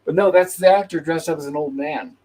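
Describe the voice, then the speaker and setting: A man's voice: fairly high pitch, fairly quick, mellow, poor audio. A man hosting a live-stream movie review panel, talking casually and retelling the plot by quoting the characters' lines. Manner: conversational, with restarts. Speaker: host.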